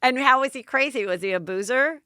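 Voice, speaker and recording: A woman's voice: high-pitched, brisk, pushed and bright, smooth, no room sound, studio quality. A woman hosting a podcast, chatting casually and asking a guest gossipy, probing questions. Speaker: podcast host. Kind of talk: casual interview chat.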